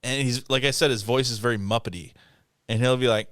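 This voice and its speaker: A man's voice: medium pitch, brisk, fairly bright tone, clear, resonant tone, dry recording, clean studio sound. A man co-hosting a podcast, telling stories in casual chat, laughing and swearing a lot. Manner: laughing, profane storytelling. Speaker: podcast co-host.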